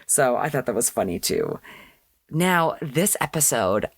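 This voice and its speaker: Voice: mid-range voice, sing-song, a little slow, slightly rough, no room sound, clean studio sound. A young adult podcast host recapping a TV episode in a chatty way with sarcastic asides.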